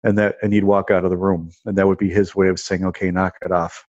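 In his fifties, this male guest rambles casually through a personal story, constantly restarting, repeating words, and leaning on "you know" and "like." His voice sits low with little pitch movement, fast and a little mellow. The recording is dull, dry, and lo-fi with no echo.

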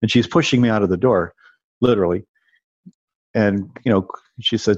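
A low-pitched man in his fifties spins a casual, rambling story, stumbling over restarts and leaning on filler words. The recording is dull and lo-fi, with a dry, close sound and no room around it. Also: fairly quick, a little mellow, no echo. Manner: rambling, restarts and repeats words, lots of "you know" and "like". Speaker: guest telling personal stories.

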